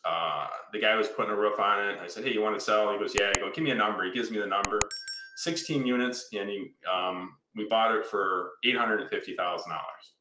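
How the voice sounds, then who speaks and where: A man's voice: fairly low pitch, fairly quick, background noise. A man in his fifties from Michigan, an enthusiastic real estate investor who tells stories and checks in with "right?" in a casual conversation. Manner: enthusiastic, storytelling, explains with repeated "right?". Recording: roomy echo.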